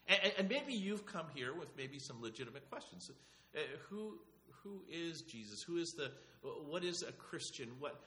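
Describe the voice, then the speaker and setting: A man's voice: on the high side, bright, forceful tone. A man preaching a sermon to his church in a conversational way, often repeating words and restarting sentences. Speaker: pastor.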